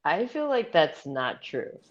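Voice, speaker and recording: Animated swearing woman in casual chat. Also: low-pitched, takes it slowly, dull audio. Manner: animated, swears, acts out quotes. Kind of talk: casual comedic round-table chat.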